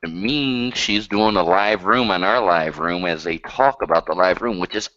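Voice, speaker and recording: A man's voice: low-pitched, unhurried, bright, forceful tone, no echo. A man co-hosting a live stream, ranting in brash, profane banter. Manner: brash, ranting, swears constantly. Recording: lo-fi stream audio with faint hiss.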